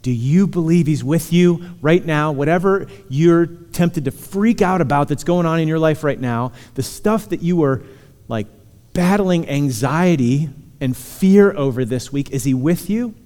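A man's voice: fairly high pitch, expressive, a little slow, darkish tone. A man preaching a sermon, earnestly reassuring his listeners and reading scripture aloud. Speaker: pastor. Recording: hall reverb.

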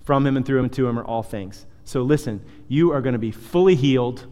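Pastor preaching in a reverberant hall. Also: male voice, mid-range voice, fairly quick. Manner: animated and conversational, with rhetorical questions and soft asides. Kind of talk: sermon. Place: church hall.

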